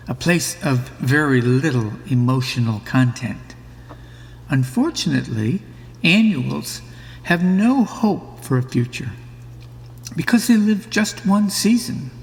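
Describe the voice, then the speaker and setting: A man with a gravelly, fry-laden voice tells a comic story in a dry, mock-serious tone. His slightly high pitch rises and falls in lively swings, and a long hall reverb trails behind him. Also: slow. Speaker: narrator of a mock book trailer. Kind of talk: scripted comic monologue.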